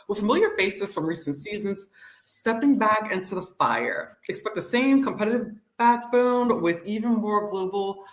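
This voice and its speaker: A woman co-hosting a casual chat show, telling stories with lots of giggles. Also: medium pitch. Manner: giggly, animated storytelling. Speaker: podcast co-host. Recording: roomy echo.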